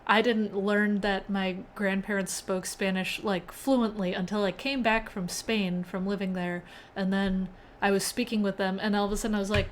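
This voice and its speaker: A woman's voice: mid-range voice, fairly even intonation, moderate pace, hardly any pauses, slight background noise. A young woman hosting a casual live-coding stream, chatting with viewers and often laughing. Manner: chatty, reads chat aloud, laughs often.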